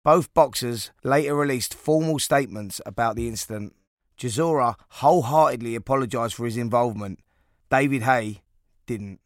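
A man giving scripted documentary narration in a measured, formal storytelling manner. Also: mid-range voice, no room sound, studio quality.

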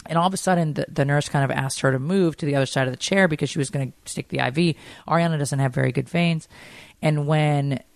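A middle-aged woman co-hosting a podcast, telling stories in animated, chatty conversation. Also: low voice, fast talker, gravelly, dry recording. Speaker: podcast co-host. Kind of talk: casual chat.

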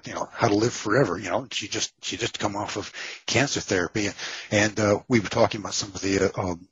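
A man's voice: on the low side, husky, no echo, dull audio. A man with a Texan accent, an author being interviewed, telling wry stories with many filler words. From Texas. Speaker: author guest. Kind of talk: casual interview storytelling.

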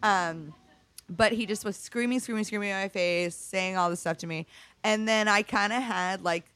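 A woman's voice: mid-range voice, normal speed, a bit bright, dry recording. A middle-aged woman bartender telling work stories in a casual interview, candid and profane, with lots of "like". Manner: candid, profane, heavy use of "like". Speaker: bartender guest.

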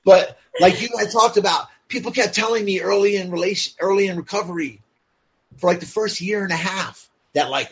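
A podcast guest, a man with a high, husky voice and a brisk delivery, tells his story candidly and bluntly. He swears freely and peppers his speech with "like" and "you know"; the recording sounds dull and lo-fi.

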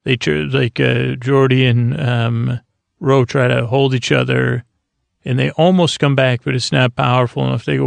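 A man hosting a sleep podcast, retelling an episode in a halting, meandering way full of filler pauses. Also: mid-range voice, level tone, gravelly, dry recording. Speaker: podcast host.

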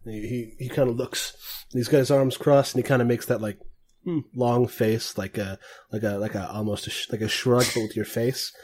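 A man's voice: medium pitch, fairly even intonation, moderate pace, a little mellow. Easygoing man running a tabletop game. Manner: easygoing, descriptive, many fillers. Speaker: game master.

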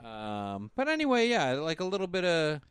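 Wry rambling man, smooth dry voice. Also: a little high, wildly swooping pitch, moderate pace, no echo. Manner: rambling, wry, full of fillers and mock quotes. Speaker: podcast co-host reviewing a movie. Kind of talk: casual chat.

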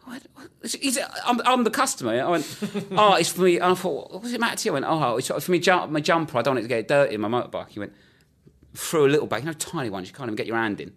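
A man's voice: fairly high pitch, lively intonation, a bit bright. A man hosting a podcast, telling cheeky stories in casual banter. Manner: cheeky storyteller, quick banter. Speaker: podcast host. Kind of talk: casual chat.

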